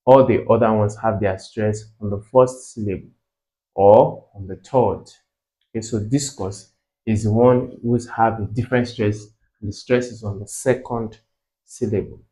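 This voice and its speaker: A man with a Nigerian English accent tutoring exam English, slowly repeating words to drill their pronunciation. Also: on the low side, steady tone, warm tone, poor audio. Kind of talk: tutorial explanation.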